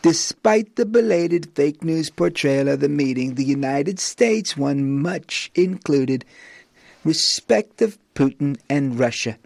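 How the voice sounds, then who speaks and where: A man putting on an impression of a boastful older male president, speaking slowly and emphatically. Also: on the high side, expressive, creaky, a little mellow, no room sound, exaggerated voice.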